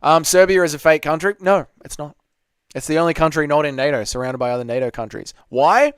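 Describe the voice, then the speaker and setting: A man's voice: a little high, fairly quick, smooth, dry recording, clean studio sound. A man hosting a casual livestream Q&A, reading chat questions aloud and bantering back.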